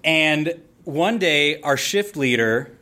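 Animated man telling a live story. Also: a little high, slow pace. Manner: animated, playful, theatrical.

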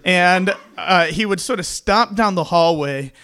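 A man's voice: sits high, measured pace, pushed and bright, clean tone. A young man with a tenor voice telling comic stories on a small stage, with wry, self-mocking delivery. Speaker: storyteller. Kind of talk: comedic live storytelling. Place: small stage venue before an audience.

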